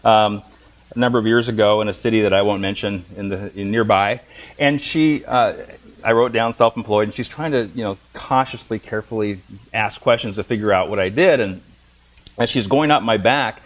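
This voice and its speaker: A man's voice: on the low side, normal speed, poor audio. A middle-aged man lecturing a massage class, telling funny stories and acting out the voices of the people in them. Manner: storytelling with humor, acts out voices. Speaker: massage instructor.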